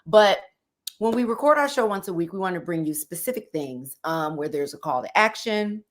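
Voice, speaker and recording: Low-voiced woman podcast co-host. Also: lively intonation, moderate pace. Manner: warm banter, says "girl" often, then steers into topics. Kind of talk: casual chat.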